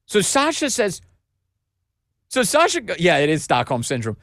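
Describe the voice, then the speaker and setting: A man's voice: sits high, huge pitch swings, moderate pace, pauses often, fairly bright tone, no echo, studio quality. A man hosting a political commentary show, reading documents aloud with emphatic, sarcastic remarks and asides to viewers.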